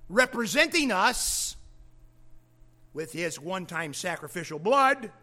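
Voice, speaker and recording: A man preaches a verse-by-verse sermon in a slow, deliberate cadence. His voice sits fairly high and bright, and he leans hard on single words, rising and then dropping low for emphasis. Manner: deliberate, emphatic phrasing with dramatic drops and rises. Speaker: pastor. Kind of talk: expository sermon.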